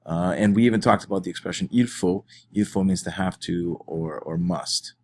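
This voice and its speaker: A man's voice: sits low, moderate pace, darkish tone. A man teaching his class in a recorded lesson, explaining step by step with small fillers and restarts. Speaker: French teacher.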